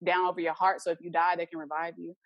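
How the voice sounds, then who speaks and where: Fast-talking woman telling a story. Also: lowish voice, dry recording, muffled recording. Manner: animated, acts out dialogue in her story. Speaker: interview guest. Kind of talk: casual personal storytelling.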